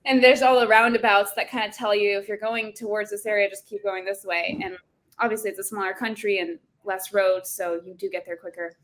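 A woman's voice: mid-range voice, fairly even intonation, fairly quick, a bit bright. A young woman chatting casually on a podcast, telling travel stories and laughing often. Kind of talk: casual chat.

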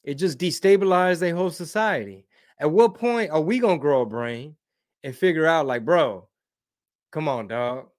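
A man's voice: a little high, lively intonation, moderate pace. Slangy man chatting on a live stream. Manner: slangy, rambling, mixes Spanish words. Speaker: comedian hosting a live stream. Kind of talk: casual live-stream chat reading comments.

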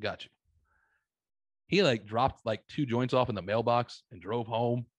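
A man spins loose, profanity-laced stories in an easygoing chat, jumping from one aside to the next with plenty of swearing. His voice is mid-pitched and sits dry and close, with no room sound around it. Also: moderate pace, no room sound. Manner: profane, rambling, animated anecdotes. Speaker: podcast guest. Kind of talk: casual storytelling.

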